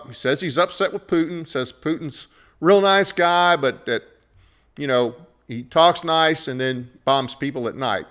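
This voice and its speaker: A man's voice: a little high, a bit bright. A man hosting a political talk show, giving opinionated commentary in a conversational way with frequent fillers. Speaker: podcast host.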